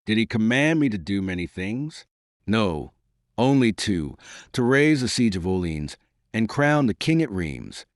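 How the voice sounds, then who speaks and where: An earnest, gentle young peasant heroine of an audiobook novel, as a man reads her lines in a low voice. She pleads softly for peace, her phrasing rising and falling with feeling, recorded close and dry. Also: very animated, measured pace, no room sound. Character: devout young peasant girl turned commander, gentle.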